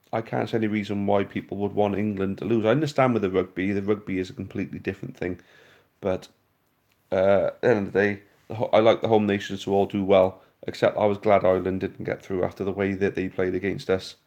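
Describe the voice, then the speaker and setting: A man's voice: fairly low pitch, darkish tone. A Welsh man hosting a casual live stream, answering viewer comments in a chatty, blunt way and restarting his sentences often. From Wales. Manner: rambling, answers viewer comments as he reads them aloud.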